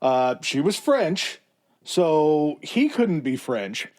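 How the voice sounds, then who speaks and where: A man with a slightly high, sing-song, darkish-toned voice draws out his words while co-hosting a history podcast. He tells the history in a relaxed, conversational style filled with fillers and asides.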